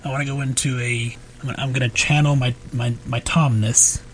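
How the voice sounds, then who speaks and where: A man co-hosting a podcast, explaining things in a measured way and raising pointed questions. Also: mid-range voice, steady tone, breathy edge, low-quality recording. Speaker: podcast co-host. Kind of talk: casual podcast chat.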